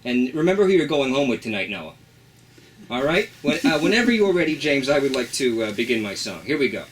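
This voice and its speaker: A man's voice: mid-range voice, very animated, fairly quick, slight background noise. A man co-hosting a radio show in a studio, bantering playfully and theatrically. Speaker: radio co-host.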